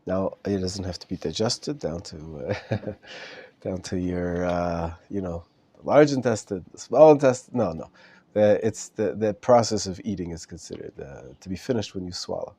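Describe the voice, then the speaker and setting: A man's voice: low voice, normal speed, dark tone, husky. A man, a rabbi, teaching a live class in a casual, chatty way and joking with his students, his voice not at full strength while recovering from an illness.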